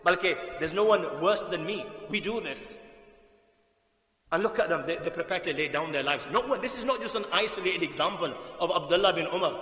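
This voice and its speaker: A man preaching a sermon to young listeners, telling stories with passion, swinging from loud bursts to quiet drops. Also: high voice, animated, brisk. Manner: impassioned, emphatic storytelling with sudden loud bursts and quiet drops. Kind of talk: sermon storytelling to youth. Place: mosque hall. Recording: echoey mosque hall.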